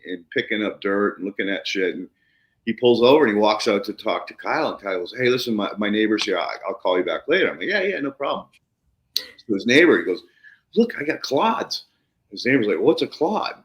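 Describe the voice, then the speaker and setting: A man hosting a podcast, telling stories casually and animatedly, swearing freely and jumping up in pitch when he acts out excitement. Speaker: podcast host. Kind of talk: casual storytelling conversation. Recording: roomy echo.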